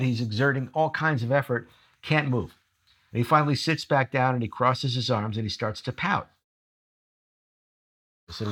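A middle-aged man who coaches leaders tells stories in conversation with lively energy and laughs at his own jokes. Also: mid-range voice. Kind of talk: storytelling conversation.

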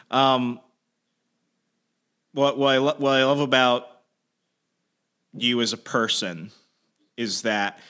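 A man hosting a casual chat, telling a story with lots of swearing and shouted quotes. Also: on the low side. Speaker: host.

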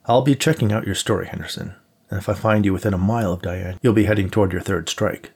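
A skeptical, hard-nosed man investigator, read by a male narrator. He speaks in a clipped, flatly threatening way, with a low, gravelly and husky voice. It is an audiobook character voice. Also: fast, heavily acted. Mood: stern.

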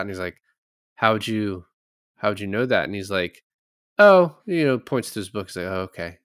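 Young man, podcast co-host, low-pitched, dry close sound, rambling casual chat. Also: fairly bright tone, clean tone, dry recording. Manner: rambling, many fillers and restarts. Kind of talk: casual movie discussion.

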